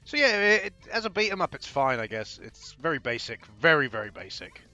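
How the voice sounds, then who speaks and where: A man's voice: a little high, very animated, a little fast, sharp tone, dull audio, faint music behind. A young man hosting his own gaming channel, chatting casually over a first playthrough, rambling and trailing off as he plays. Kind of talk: casual game commentary.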